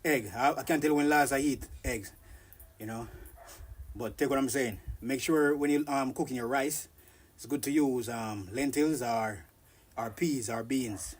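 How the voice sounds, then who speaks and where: A man's voice: medium pitch, measured pace, breathy edge. A man with a Jamaican accent, chatting loosely with viewers on a live workout stream from outdoors, greeting them by name. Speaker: fitness streamer. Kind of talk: casual live-stream chat. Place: outdoors in the countryside.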